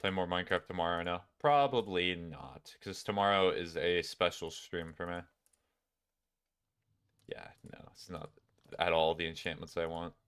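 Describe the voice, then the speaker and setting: A man's voice: low-pitched, steady tone, moderate pace, a bit bright, clear, resonant tone. A man streamer chatting casually while playing a game, rambling and talking to his viewers. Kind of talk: casual gameplay chat.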